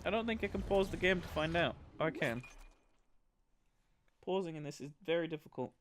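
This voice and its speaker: A man's voice: fairly high pitch, normal speed, a little hiss or hum. Chatty British man gaming. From Britain. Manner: chatty, rambling, with many fillers. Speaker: livestream gamer. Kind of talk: casual gameplay commentary.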